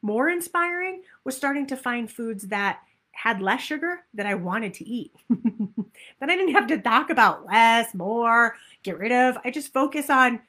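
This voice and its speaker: Upbeat woman coaching with animated energy. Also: fairly high pitch, unhurried. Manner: upbeat, animated, acts out inner voices. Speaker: health and weight-loss coach. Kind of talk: motivational talk.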